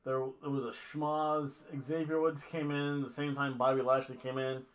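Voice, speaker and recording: A man hosting a wrestling review show, chatting casually and telling rambling stories with sudden loud bursts. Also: mid-range voice, flat delivery, moderate pace. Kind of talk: casual chat.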